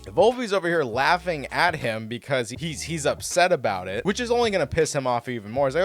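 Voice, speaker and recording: A man hosting a casual commentary over replay footage, talking in an excitable, rambling way with lots of restarts. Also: on the high side, a little fast, hardly any pauses, faint music behind. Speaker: host breaking down baseball clips.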